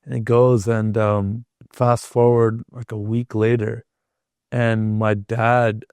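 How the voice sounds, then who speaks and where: A man's voice: on the low side, flat delivery, takes it slowly, a little mellow, smooth, no echo. A man from Canada hosting a podcast, telling a personal story in a loose, chatty way and filling his talk with "like.". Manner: loose and chatty, leans on filler "like". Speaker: podcast host. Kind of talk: casual conversational storytelling.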